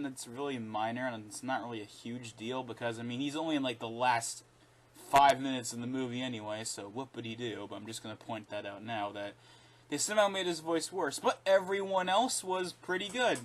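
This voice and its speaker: Rambling, opinionated young-sounding man. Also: a little high. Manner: rambling, with frequent restarts and self-corrections; animated and opinionated, laughing between points. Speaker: video reviewer. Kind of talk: casual spoken review.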